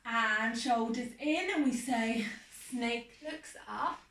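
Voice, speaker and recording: A woman teaching a children's yoga class, giving soft, encouraging step-by-step instructions. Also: fairly high pitch, slow, recorded from a distance. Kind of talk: guided kids' yoga class. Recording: echoey room, voice from off-mic.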